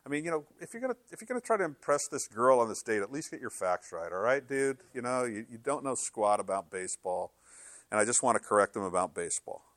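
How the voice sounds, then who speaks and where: An older man preaching a sermon as a pastor, telling stories with lively voice changes as he acts out inner dialogue. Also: mid-range voice, quick pace, no echo.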